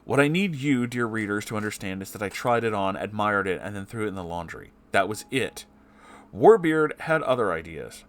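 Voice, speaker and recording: Man with a lowish voice reads a story aloud, cutting in with heated, profane reactions. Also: expressive, normal speed. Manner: breaks off to swear and react angrily. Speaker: story reader.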